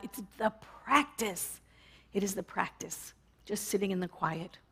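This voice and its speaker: A middle-aged woman from New York, a minister, giving a conversational, lively sermon and often asking the audience "right?". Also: a little high.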